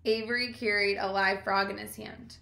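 A woman reads a children's book aloud in a calm, measured way. Her voice is bright and clear. The recording has the echo of a reflective room. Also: medium pitch. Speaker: reader.

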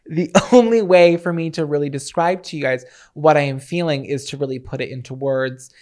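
A man's voice: on the high side, a little fast, darkish tone. A young man co-hosting a podcast in casual chat, playful and giggly, rambling along with lots of fillers. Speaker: podcast co-host.

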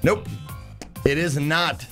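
Slow-talking, high, lively male streamer. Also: soft background music. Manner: profane, laughing, reads chat aloud. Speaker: game streamer. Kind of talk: casual live-stream chat.

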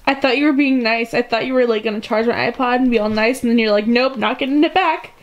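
A woman's voice: a little high, fairly even intonation, quick pace, no echo, highs cut off. A teenage girl vlogging casually on a walk, talking dramatically and teasing a friend. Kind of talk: casual vlog chat. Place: outdoors on a street. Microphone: handheld camera.

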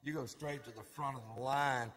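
A man doing a stand-up comedy set, telling stories in a drawling, deadpan way. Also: medium pitch, moderate pace. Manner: drawling, deadpan storytelling with punchlines. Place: comedy club stage. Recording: live club with long reverb, faint crowd noise.

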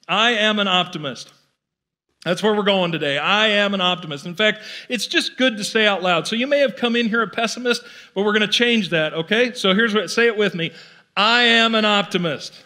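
Bright, high-voiced male pastor preaching. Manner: conversational, playful, acts out quoted voices. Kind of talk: sermon. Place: church auditorium.

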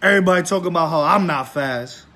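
A man's voice: a little high, fast, bright, forceful tone. A man, exasperated and defensive as a boyfriend in a comedy skit.

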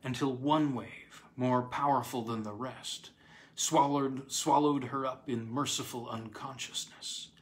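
A man's voice: fairly even intonation, unhurried. Man reading a horror tale dramatically. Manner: dramatic, with sharp swings in pitch and loudness. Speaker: narrator. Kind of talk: scripted horror story reading.

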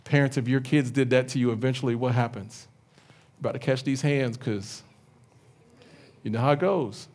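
A man preaching a sermon as pastor, animated, retelling scripture in everyday speech. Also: mid-range voice, normal speed, long pauses. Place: church sanctuary.

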